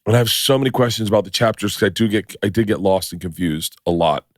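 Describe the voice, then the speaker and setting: Rambling, excitable man with a low voice. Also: quick pace, no room sound, clean studio sound. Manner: rambling, excitable, swears freely. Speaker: podcast host. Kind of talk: casual podcast chat.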